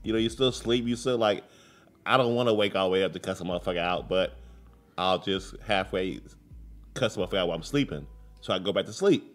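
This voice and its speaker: Man, 30s, co-host, casual storytelling, profane, animated, faint background music. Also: sits low, quick pace. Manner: animated, profane, mimics voices in anecdotes. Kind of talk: casual talk-show storytelling.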